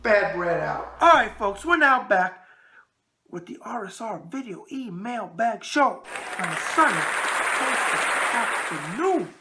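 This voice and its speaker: A raspy-voiced man with a New York accent hosting a show, bantering in a brash wise-guy way. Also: sits high, big pitch swings, unhurried, sharp tone, a faint crowd, slight background noise. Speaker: host. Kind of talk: casual call-in talk show.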